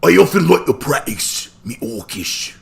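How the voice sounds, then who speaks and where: A man voicing a dim-witted, brutish male orc in a put-on Cockney accent, talking in a half-shouted growl as he answers a live-stream chat. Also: medium pitch, very animated, unhurried, gravelly, voice pushed up, heavily acted. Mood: boastful.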